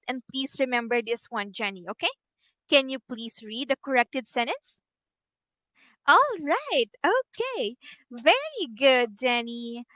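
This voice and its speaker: A woman teaching a one-on-one online English lesson, patient and encouraging, pausing to type corrections as she talks. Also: sits high, a bit bright, no room sound.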